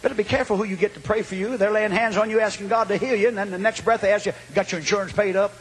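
An older man preaching a Pentecostal sermon, telling a story that swings from quiet asides to loud shouting. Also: high-pitched, fairly even intonation, rapid-fire, slightly rough.

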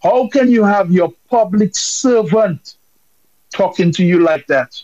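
Fired-up guy from dominica ranting on a call-in, higher voice, dull lo-fi sound. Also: lively intonation, a little slow, darkish tone, no room sound. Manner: impassioned, emphatic, repetitive. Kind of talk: political commentary.

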